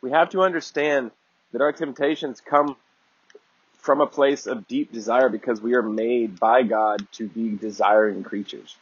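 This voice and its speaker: A man's voice: mid-range voice, fairly even intonation, moderate pace, slightly rough, dry recording, lo-fi sound. A man giving a conversational Bible teaching talk, earnest and digressive, often restarting his sentences.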